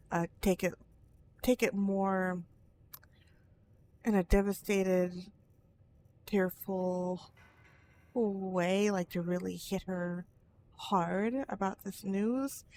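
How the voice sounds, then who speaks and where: A woman's voice: medium pitch, fairly even intonation, takes it slowly, pauses often, darkish tone, a little hiss or hum. A woman talking frankly in a personal vlog, rambling with restarts and tangents. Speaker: vlogger.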